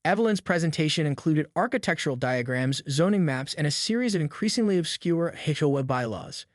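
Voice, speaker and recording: Casting: male storyteller, scripted dramatic narration, somewhat high voice, dry close sound. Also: expressive, fairly quick, no echo.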